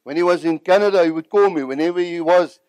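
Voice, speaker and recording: High-voiced South African man telling his testimony. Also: fast talker, darkish tone, dry recording. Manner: earnest, emotional storytelling. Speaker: evangelist. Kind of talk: personal testimony.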